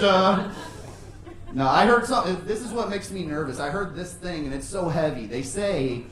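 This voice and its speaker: A man doing a stand-up set with crowd work on a club stage, talking loosely and breaking into shouted voices. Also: fairly high pitch, lively intonation, normal speed. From USA. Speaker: stand-up comedian. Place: comedy club stage with live audience. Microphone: handheld stage microphone. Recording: roomy club sound, mic at a distance, audience laughter.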